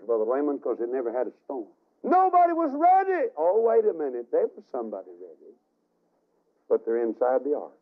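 A man preaching a fiery revival sermon, telling the story dramatically with sudden shouts and hushed asides. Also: mid-range voice. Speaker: evangelist. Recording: tinny archival radio broadcast.

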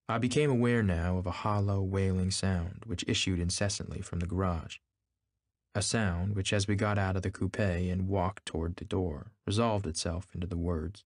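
A man narrating a novel in a measured, steady reading. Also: low-pitched, no room sound, studio quality. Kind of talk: scripted narration.

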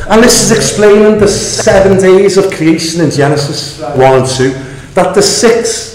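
A man preaching a sermon, emphatic and animated, often laughing at his own asides. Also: high-pitched, roomy sound, poor audio.

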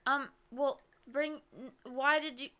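A young woman streaming a video game, loudly and excitedly giving her partner step-by-step instructions and laughing often. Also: high-pitched, unhurried. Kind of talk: casual gameplay chat.

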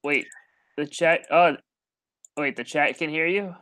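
A man's voice: on the high side, unhurried, pushed and bright. A man hosting a livestream voice call, teasing his guest and fumbling with the call settings. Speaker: livestream host. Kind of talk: casual chat over a voice call.

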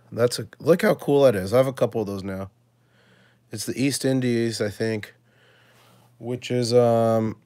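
A man's voice: mid-range voice, no room sound. Chatty man sorting coins, dry close sound. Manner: chatty, thinking aloud, excited exclamations. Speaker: coin collecting channel host. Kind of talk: casual live coin sorting chat.

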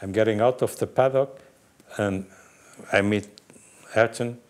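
An older man from Portugal with a Portuguese accent, animatedly telling racing anecdotes in halting, restarting speech. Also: fairly low pitch, fairly even intonation. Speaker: guest storyteller, former racing team manager.

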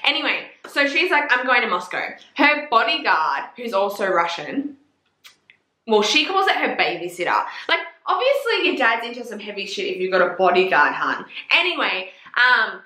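A woman's voice: fairly high pitch, big pitch swings, normal speed, pushed and bright. A young woman reviewing books in a casual chat, gushing and swearing a lot, with plenty of "like" fillers. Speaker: book reviewer. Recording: echoey room.

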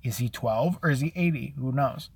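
A man live-streaming a casual rant, profane and sarcastic, who often mimics other people in a high, mocking voice. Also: normal speed, vocal fry, a little mellow, husky, dry recording. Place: out and about, at a store.

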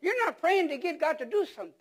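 A man with a notably high voice delivers a sermon as pastor. He keeps asking the congregation questions and repeats words and restarts phrases to drive each point home. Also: big pitch swings, fast talker, fairly bright tone. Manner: emphatic preaching with rhetorical questions to the congregation.

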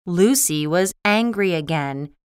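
Woman reading a kids story for english learners, super slow, crisp, dry close mic. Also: fairly low pitch, no room sound. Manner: slow, careful, expressive reading. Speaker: narrator.

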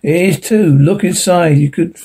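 A man's voice: high voice, moderate pace, warm tone, husky. A man voicing Slim, a nervous but stubborn young boy in a storybook reading who pleads insistently. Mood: urgent.

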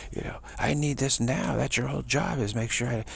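A man's voice: mid-range voice, brisk, vocal fry, slightly rough, pitched above the performer's own voice. A man voicing a panicking, bossy diva goddess woman who scolds her attendants. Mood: panicky demanding.

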